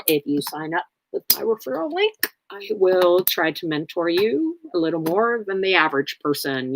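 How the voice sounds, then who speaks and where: A woman's voice: on the low side, sharp tone, slight background noise. A woman hosting a casual livestream, answering viewers in a blunt, rambling way with many fillers. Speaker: livestream host.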